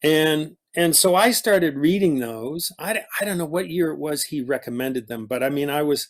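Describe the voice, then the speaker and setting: A middle-aged man with a slightly raised voice tells stories in a casual chat. He stops and restarts his sentences often and wanders as he talks. He comes across as an actor guest. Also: a little high. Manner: halting, rambling storyteller with many restarts. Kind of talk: casual conversation.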